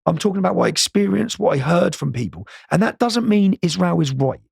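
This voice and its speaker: A man's voice: sits high, animated, a little fast, gravelly, darkish tone, breathy edge, no room sound, studio quality. A man, an interview guest, telling stories casually with many repeated words and "yeah?" tags.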